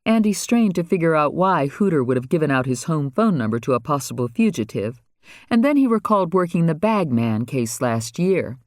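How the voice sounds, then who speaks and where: A man reading a crime thriller audiobook as narrator in a steady, even way. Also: a little high, normal speed, no room sound, studio quality. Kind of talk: scripted narration.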